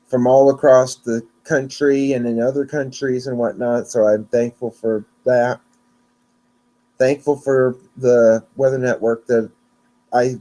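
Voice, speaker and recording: A man's voice: mid-range voice, warm tone. A man hosting a weather podcast on his own, talking casually and rambling, often restarting and correcting himself, a little sleepy. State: yawning, sleepy. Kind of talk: casual solo podcast talk.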